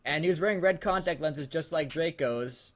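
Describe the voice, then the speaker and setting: A young man reading a fan story aloud for laughs, giggly and animated. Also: a little high, moderate pace. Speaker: co-host.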